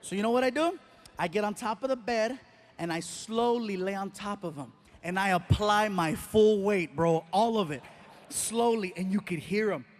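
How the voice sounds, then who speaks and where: A man's voice: sits high, normal speed, slight background noise. A middle-aged man doing stand-up on a live stage, telling exaggerated stories and punchlines. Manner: animated, exaggerated storytelling with punchlines. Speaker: stand-up comedian.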